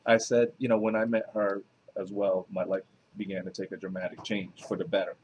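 A man in his thirties with a New Jersey accent, an author and minister, answering interview questions in an earnest, measured way. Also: deep voice, level tone, darkish tone, slightly rough, rough recording. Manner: earnest, measured, many fillers. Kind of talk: casual interview.

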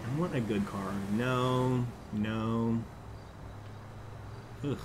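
A young man casually commenting as he plays a video game, animated and prone to shouting at what happens on screen. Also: mid-range voice, very slow, background noise. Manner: animated, exclaims and yells at the game. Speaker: gaming YouTuber.

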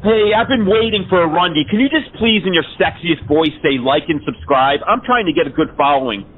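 A man with a high voice makes a prank call and rambles through one exaggerated complaint after another. The sound is thin and narrow, the way a phone line sounds. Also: lively intonation, a little fast. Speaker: scambaiter prank caller.

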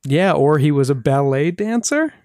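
A man's voice: on the high side, animated, moderate pace, darkish tone, no room sound. Dry-joking male podcast host. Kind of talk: casual chat.

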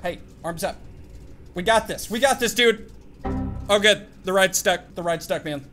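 A young man giving jokey, excited commentary as he plays a game, chatting to his companion and yelping at scares. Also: high voice, unhurried, faint music behind. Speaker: gaming YouTuber. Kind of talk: excited let's-play commentary.

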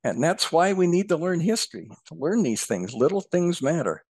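A man's voice: a little high, very animated, moderate pace, darkish tone, breathy edge, dry recording, studio quality. A man as a podcast guest, chatting casually about history and politics and telling jokes in an easygoing way.

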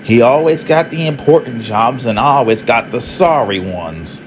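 A man's voice: mid-range voice, lively intonation, normal speed, slight background noise, close to an everyday voice. A man voicing a sullen, resentful male train engine who grunts and grumbles. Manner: gruff, grumbling.

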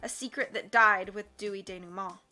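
A woman reading the part of a bookish, sharp-witted teenage boy who speaks in a measured, dry way. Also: mid-range voice, steady tone, faint music behind. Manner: measured and dry, a little sly.

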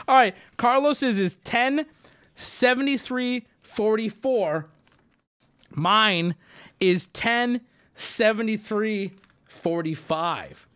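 A livestream host with a high-sitting, fairly bright voice speaks slowly as he vents to his chat. He tells a story in a heated rant laced with profanity, in a casual ranting style.

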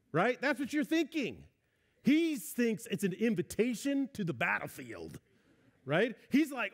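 A man's voice: high-pitched, big pitch swings, normal speed. A middle-aged male pastor giving a conversational sermon, acting out what husbands and wives say. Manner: conversational preaching, acts out spouses' voices.

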